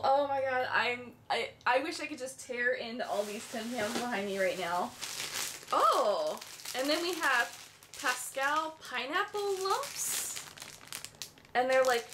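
High-voiced young girl vlogger, gushy and squealy over makeup, talks kinda slow. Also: background noise. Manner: gushing, excitable, squealing. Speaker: beauty vlogger. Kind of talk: unboxing a makeup swap.

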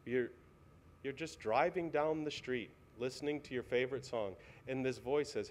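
A man's voice: mid-range voice, normal speed, a little mellow, slight background noise. A male pastor preaching a sermon in a church, earnest and pleading, asking the congregation many questions. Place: church sanctuary.

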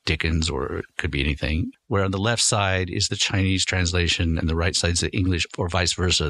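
A man's voice: deep voice, fairly bright tone. A man, a guest professor, explaining points in an interview and acting out example sentences as he goes. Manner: lecturing, acts out example sentences.

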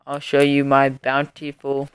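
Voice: mid-range voice, completely flat delivery, measured pace, clean tone, no room sound. A gamer giving casual gameplay commentary, muttering to themself and grumbling at the game. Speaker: let's play host.

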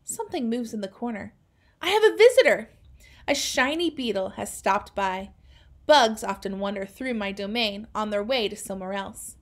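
A woman reading a children's novel aloud in a calm, unhurried way. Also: medium pitch. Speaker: reader.

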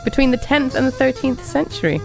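A woman's voice: high voice, animated, fairly quick, gravelly, soft background music. A woman co-hosting a casual comedy chat show, laughing often as she talks. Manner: giggly, laughs often while talking. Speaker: co-host.

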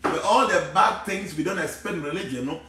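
A man's voice: fairly high pitch, fairly quick. A man talks with viewers of a live stream as a spiritual teacher, switching between Twi and English and growing emphatic as he preaches. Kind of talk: live stream talk, reading viewer comments aloud. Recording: roomy echo, voice far from mic, faint background noise.

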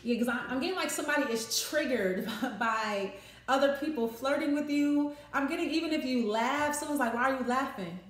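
A woman's voice: high voice, fairly quick, reverberant. A woman giving a casual tarot reading, talking freely, swearing and restarting her phrases. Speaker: tarot reader.

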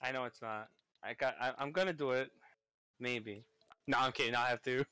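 A man's voice: mid-range voice, fairly even intonation, moderate pace, sharp tone, smooth, no room sound. A man streaming a game, chatting casually and mocking himself.

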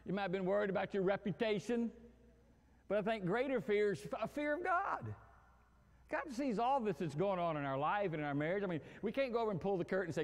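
A male pastor preaching a sermon in an animated, humorous way, acting out everyday scenes. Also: high voice, fast talker, long reverb tail. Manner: animated, acts out quarrels and phone calls with humor.

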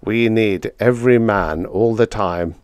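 A man voicing a squat, earnest male Jovian freight pilot who speaks low and a little hesitantly, in a storybook reading. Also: measured pace, darkish tone, smooth, no room sound, clean studio sound, lightly acted.

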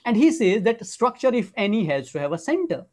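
A woman teaches an academic webinar over an online microphone. Her voice sits at a mid-range pitch. She explains point by point, with frequent "you know" fillers. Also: big pitch swings, a little fast, darkish tone. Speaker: lecturer.

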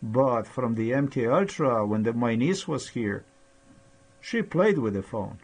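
Slow, halting, aggrieved man. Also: medium pitch, expressive, slightly rough. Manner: halting, with many pauses and fillers; aggrieved and accusatory. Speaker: vlogger. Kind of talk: rambling personal monologue.

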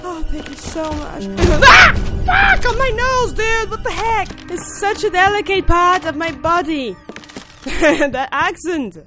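Very high-pitched, screaming young woman gamer. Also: very animated, unhurried. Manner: jumpy, screaming and laughing nervously. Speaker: gaming video host. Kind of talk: horror game let's play commentary. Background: game music.

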